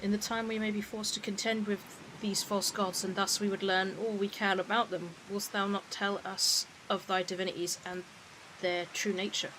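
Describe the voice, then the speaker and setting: A woman voicing a formal adventurer who speaks in old-fashioned English, reading it slowly and deliberately. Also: mid-range voice, little pitch movement, fairly bright tone, slight background noise, close to an everyday voice, rough recording. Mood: solemn. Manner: slow deliberate reading with stumbles over the old words.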